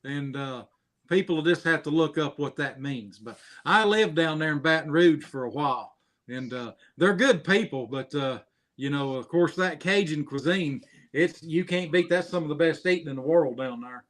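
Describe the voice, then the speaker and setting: A man's voice: on the high side, normal speed, a bit bright. A middle-aged man in casual chat, telling stories and explaining things in plain, folksy talk.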